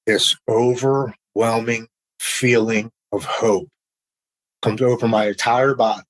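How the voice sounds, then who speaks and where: A middle-aged man speaks in a somewhat low voice as a podcast guest. He tells his personal recovery story candidly and with feeling, and he often says "man" as he goes. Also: a bit bright, slightly rough, poor audio.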